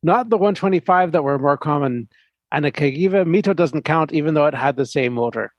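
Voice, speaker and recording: A man's voice: a little high, lively intonation, fairly quick, no echo, highs cut off. A man on a podcast reading a listener's letter aloud, trying out a put-on accent and poking fun at his own attempt.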